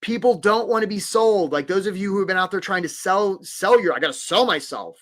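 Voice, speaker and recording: A man's voice: high voice, a little fast, a bit bright. A man coaching job seekers in a live webinar, upbeat and encouraging, calling out viewers by name.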